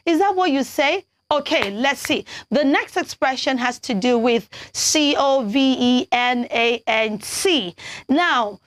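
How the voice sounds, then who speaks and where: A woman's voice: on the high side, no room sound. A young Nigerian woman presenting a children's programme, animatedly coaxing viewers as she teaches English pronunciation and spells words letter by letter.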